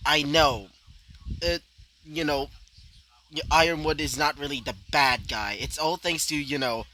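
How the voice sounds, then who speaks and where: A man's voice: a little high, moderate pace, bright, forceful tone, poor audio. Rambling man narrating a fan story. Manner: rambling, filler-heavy, ranting asides. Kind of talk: casual fan-fiction narration.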